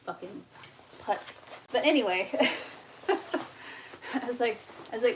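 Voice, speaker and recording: Young woman host, lively profane storyteller, higher voice, faint hiss behind. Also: unhurried, pauses often. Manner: animated, profane, acts out quoted exchanges. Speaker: homestead channel host. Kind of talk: casual storytelling on a livestream.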